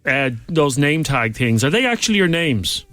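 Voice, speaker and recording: A man's voice: fairly high pitch, very animated, a bit bright, no room sound, faint music behind. A man co-hosting a talk radio phone-in, telling jokey stories. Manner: quick, storytelling, jokey. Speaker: radio co-host.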